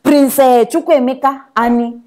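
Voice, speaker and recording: High-voiced woman teasing in Nigerian Pidgin. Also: fairly even intonation, normal speed, a little mellow. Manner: teasing, scolding, laughs often. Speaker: comedy news host. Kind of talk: gossip commentary.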